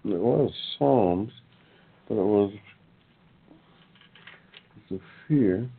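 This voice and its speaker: Deep-voiced older man on a tinny line. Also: lively intonation, extremely slow, vocal fry, slightly rough. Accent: African American English. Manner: folksy, addresses listeners as y'all, many fillers. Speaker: host of an online talk show. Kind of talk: casual rambling monologue. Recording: tinny phone-line sound.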